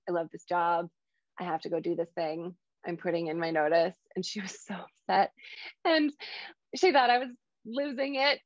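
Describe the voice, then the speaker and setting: A woman's voice: medium pitch, dry recording, highs cut off. A woman in her thirties, a hypnotherapist, telling a personal story as a guest speaker and acting out the lines she quotes. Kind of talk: storytelling talk on a video call.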